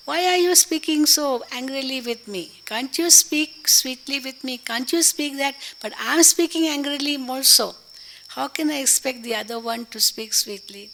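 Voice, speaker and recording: A woman's voice: mid-range voice, vocal fry, pushed and bright, a little hiss or hum, low-quality recording. A woman giving a spiritual class, emphatic and repetitive, asking rhetorical questions. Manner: emphatic, repeats key phrases, asks rhetorical questions. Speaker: spiritual teacher.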